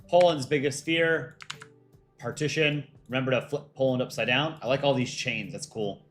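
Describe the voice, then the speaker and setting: A man's voice: mid-range voice, moderate pace, a bit bright, faint music behind. A man hosting a casual livestream, reading out fan art entries and reacting with light jokes.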